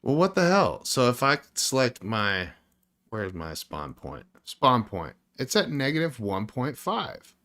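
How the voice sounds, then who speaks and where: A man's voice: fairly low pitch, sing-song, slow pace, pushed and bright. A man developing a game on a live stream, thinking aloud through his code, frustrated and swearing constantly while he talks to viewers.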